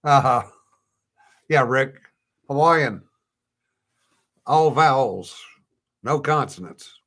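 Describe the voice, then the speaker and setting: A man's voice: medium pitch, lively intonation, extremely slow, fairly bright tone. An older man co-hosting a casual podcast, telling rambling stories and chuckling often. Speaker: podcast co-host. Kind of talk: casual chat.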